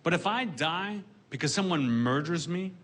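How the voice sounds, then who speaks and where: A man performing a stand-up comedy set in a deadpan way, delivering dark punchlines dryly on a comedy stage with audience laughter behind him. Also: a little high, moderate pace.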